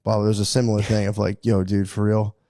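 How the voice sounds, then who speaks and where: Fast-talking joking podcast host man. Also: lowish voice, flat delivery, warm tone, no echo, studio quality. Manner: quick joking banter. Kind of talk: casual podcast chat.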